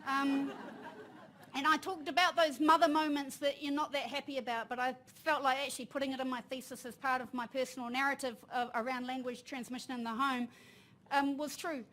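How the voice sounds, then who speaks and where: Animated, high-voiced New Zealand woman. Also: a little fast, a little hiss or hum. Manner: animated, laughing, mixes in Māori phrases. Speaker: panel speaker. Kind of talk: storytelling talk. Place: conference room.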